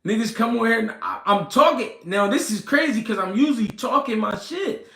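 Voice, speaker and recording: A man hosting a casual livestream, reading comments and talking slow and deliberate, repeating himself and swearing. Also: extremely high pitch, expressive, gravelly, a bit bright. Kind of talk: casual livestream talk about boxing. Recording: roomy echo.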